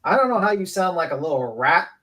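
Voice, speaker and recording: A woman's voice: fairly low pitch, big pitch swings, fast talker, a bit bright, recorded from a distance, poor audio. A woman hosting a livestream panel, talking in a blunt, rambling and mocking way. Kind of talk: casual opinionated chat.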